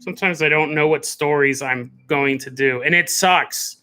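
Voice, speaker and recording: A man hosting a casual live stream, rambling and animated, laughing often as he chats. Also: a little high, moderate pace. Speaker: podcast host.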